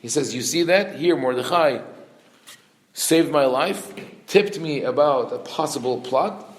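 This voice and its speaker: A man, a rabbi, gives a Torah class. He reads Hebrew verses quickly, translates them and acts out the characters' lines with lively intonation. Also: on the high side, reverberant, low-quality recording.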